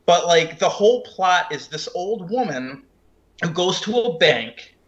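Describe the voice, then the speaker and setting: Podcast co-host, male, heated and profane, crisp higher voice, muffled lo-fi recording. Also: animated, unhurried, fairly bright tone. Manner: heated, swears a lot. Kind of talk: casual ranting film chat.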